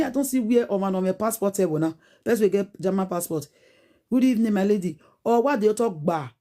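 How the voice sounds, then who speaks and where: Nigerian woman, 40s, warm low-bright tone, preachy pidgin rant. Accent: Nigerian Pidgin English. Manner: preachy, scolding, rhetorical questions. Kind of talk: animated casual rant.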